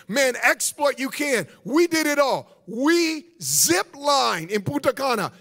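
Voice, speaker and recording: A male preacher with a very high, gravelly voice delivers a sermon as the guest pastor. He tells his stories with animation and keeps calling on the congregation to answer back. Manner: animated storytelling preacher, calls for audience response.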